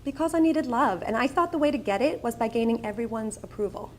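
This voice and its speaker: A woman's voice: on the high side, lively intonation, quick pace, a little hiss or hum. A middle-aged woman with a Long Island accent gives a personal storytelling speech at a charity breakfast, candid and self-mocking with wry asides. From Long Island, New York. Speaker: guest speaker at a charity breakfast. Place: event room, speaking to an audience.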